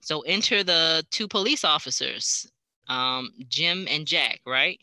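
A woman's voice: deep voice, slow pace, no room sound. A woman librarian chatting casually about a book, retelling scenes and acting out quoted lines. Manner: animated, acts out quoted lines. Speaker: librarian co-host.

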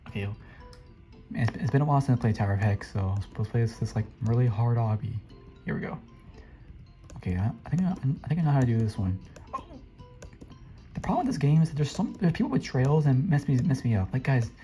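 Woman gamer host, very deep voice, dark tone, excitable running commentary, lively swings in pitch. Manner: excitable, talks to other players, squeals high when jumping. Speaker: gaming channel host. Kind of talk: casual gameplay commentary.

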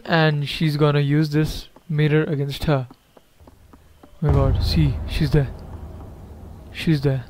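A man's voice: fairly high pitch, level tone, slow, long pauses, a little mellow. Jittery man nervously narrating a horror game. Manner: jittery, repeats himself, talks to viewers. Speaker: gameplay commentator.

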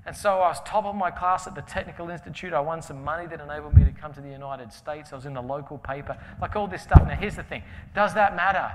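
A man preaching a conference sermon, telling stories with humor and swinging between loud and hushed delivery. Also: fairly high pitch, fast talker, few pauses, background noise. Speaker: pastor. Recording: reverberant hall with faint ambience.

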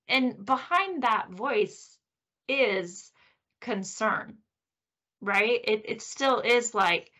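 Gentle woman teaching mindfulness. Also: mid-range voice, slow pace. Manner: gentle, explaining, frequent "right?" tag questions. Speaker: podcast host and course teacher. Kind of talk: teaching a recorded course talk.

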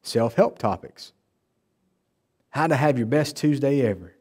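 A male pastor delivering an emphatic, animated sermon in a church and acting out the people he quotes. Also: medium pitch, measured pace, a little hiss or hum. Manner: emphatic, animated preaching with mocking quoted voices. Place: church sanctuary.

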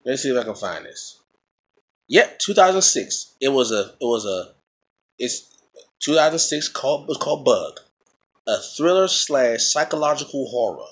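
Husky man ranting about a movie. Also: mid-range voice, very animated, moderate pace. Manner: rambling, with many restarts and repetitions; emphatic and indignant. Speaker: vlogger reviewing a movie. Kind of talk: casual movie rant to camera.

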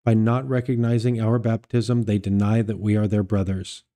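A man reading scripture and a church father's discourse aloud as a liturgical reader, measured and steady, correcting himself now and then. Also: on the low side.

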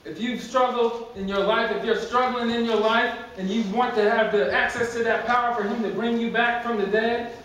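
High-voiced preacher in an echoey church. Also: male voice, steady tone, moderate pace, few pauses, fairly bright tone, slight background noise. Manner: emphatic storytelling with repetitions. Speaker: pastor. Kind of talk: sermon. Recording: very echoey church, distant mic.

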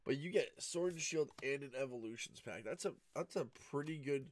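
A man hosting a card-opening video, talking in a sleepy, low-key, fairly monotone way, groggy from just waking up. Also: fairly quick, few pauses. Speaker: card-opening channel host. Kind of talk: casual pack-opening commentary. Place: home room at night, cat nearby.

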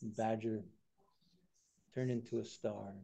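A man retelling a traditional story during a lecture, relaxed and conversational, acting out the characters. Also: on the low side, takes it slowly, vocal fry. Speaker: guest speaker.

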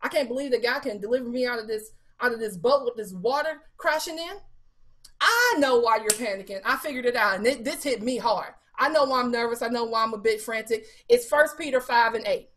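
Woman preaching with a high lively voice. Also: fairly quick. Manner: animated preaching with scripture quotes and rhetorical questions; casual colloquial speech with fillers. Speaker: evangelist preaching at Bible study. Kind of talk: sermon.

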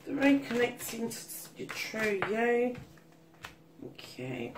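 Slow-talking woman reading tarot. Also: on the high side, sing-song, noisy background. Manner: swears freely, calls listeners darling. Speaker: tarot reader.

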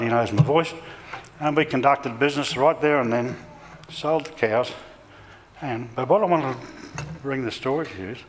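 Older aussie bloke preaching, folksy rambling stories, long church echo, bit of hiss behind. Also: male voice, medium pitch. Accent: Australian. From Central Queensland, Australia. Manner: homespun, rambling storyteller with self-corrections. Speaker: lay preacher and cattle farmer. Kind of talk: sermon with folksy personal stories. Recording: church reverb, faint background noise.

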